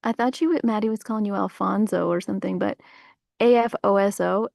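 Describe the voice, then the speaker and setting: Her mid-range, creaky voice moves fairly quickly as this woman livestreams outdoors, rambling animatedly to viewers and filling gaps with likes and you-knows. The sound is studio quality without echo.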